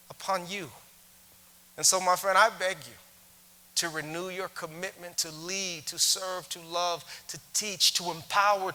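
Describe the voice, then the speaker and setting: A man delivers an impassioned keynote in a high, very bright voice. He builds his points through rhythmic repetition like a preacher, and the long echo of a big conference hall trails his words. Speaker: keynote speaker. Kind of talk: inspirational keynote speech.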